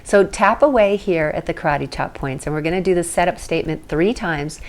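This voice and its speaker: A woman teaching an emotional tapping session, explaining at length in a chatty way with light asides, then guiding slow repeat-after-me statements. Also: fairly low pitch. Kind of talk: guided tapping lesson. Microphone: phone or camera mic.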